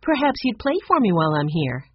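A woman's voice: on the low side, big pitch swings, a little fast, breathy edge. A woman voicing a cheerful, eager woman who hosts an orchestra's visitors. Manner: bright, eager, gushing. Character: cheerful, fussing female orchestra host. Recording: muffled, dry recording.

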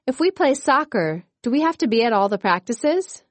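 A woman's voice: a little high, very animated, normal speed, dry recording, pitched above the performer's own voice. A woman voicing an eager, outspoken sixth-grade girl in a storybook reading. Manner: eager, bold.

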